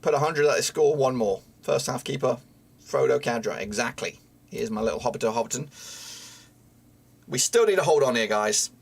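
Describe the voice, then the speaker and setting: A man reacting live to his team's match as a fan streamer, excitable, swearing often and yelling at the players. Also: medium pitch, normal speed, vocal fry, pauses often, breathy edge.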